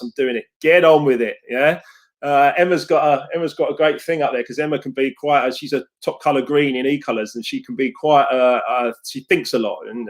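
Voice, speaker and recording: Upbeat man chatting on a live stream. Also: a little high. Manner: upbeat, chatty, calls viewers mate. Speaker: success coach. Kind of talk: live-stream chat reading viewer comments.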